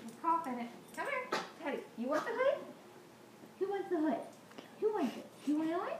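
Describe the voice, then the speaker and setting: A woman's voice: extremely high pitch, very animated, a little fast. A middle-aged woman coaxing and cooing at the family dogs in casual home-video talk. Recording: echoey room with background noise.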